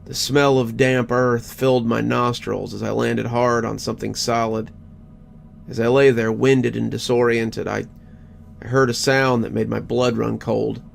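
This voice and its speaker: A man narrating a first-person horror story in a measured, scripted way. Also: medium pitch, flat delivery, vocal fry, slight background noise. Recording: faint background music.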